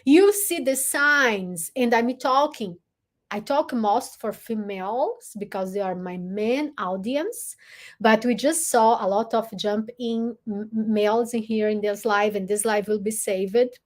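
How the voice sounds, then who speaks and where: A woman hosting a live stream, giving earnest, encouraging relationship advice in a deliberate way. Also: a little high. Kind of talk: motivational live talk.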